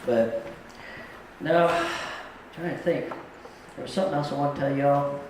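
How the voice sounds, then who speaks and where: A man's voice: on the high side, measured pace, heavy reverb, a little hiss or hum, low-quality recording. A middle-aged man doing a live stand-up set on a comedy club stage, telling stories in a plain-spoken, folksy way.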